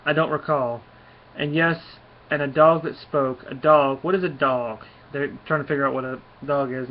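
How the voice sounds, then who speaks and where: A man's voice: on the high side, a little hiss or hum. Enthusiastic rambling male comic reviewer. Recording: dull lo-fi recording.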